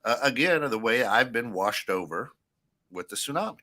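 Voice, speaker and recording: A man's voice: mid-range voice, expressive, normal speed, pushed and bright. A man co-hosting an internet radio talk show in casual chat, rambling and thinking aloud as he goes.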